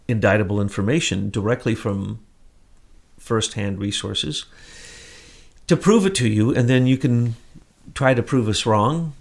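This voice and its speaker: Emphatic, rambling male commentary host. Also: medium pitch. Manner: emphatic, animated, with rambling asides and direct address to viewers. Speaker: host of an online commentary show. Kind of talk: casual conversational commentary.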